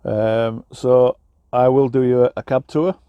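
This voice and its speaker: Here the English trucker speaks at a measured pace, his mid-range voice clear and resonant with fairly even intonation. He rambles casually for his vlog from the cab, running himself down, filling gaps and restarting often. The sound is lo-fi, with no room sound.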